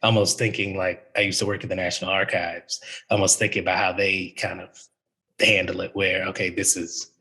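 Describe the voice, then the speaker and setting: Male archivist, panel talk, lowish husky voice, measured and chatty. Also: level tone, sharp tone, poor audio. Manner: thoughtful, conversational, with frequent fillers. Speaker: university archivist. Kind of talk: panel discussion.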